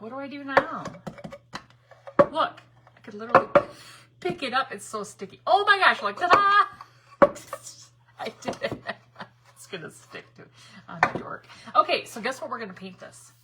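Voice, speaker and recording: A woman's voice: fairly high pitch, very noisy. A middle-aged woman hosting a live crafting stream, chatting bubbly with viewers, rambling and laughing often. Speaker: craft livestream host.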